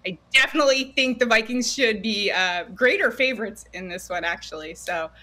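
Woman breaking down nfl games on radio, bright sharp voice, super sure of her picks. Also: fairly high pitch, brisk. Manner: confident, emphatic football breakdown. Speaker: NFL analyst guest. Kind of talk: sports analysis on radio.

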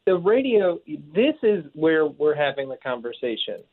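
A man's voice: fairly high pitch, sing-song, normal speed. Man on a tinny phone-like line. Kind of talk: live radio talk.

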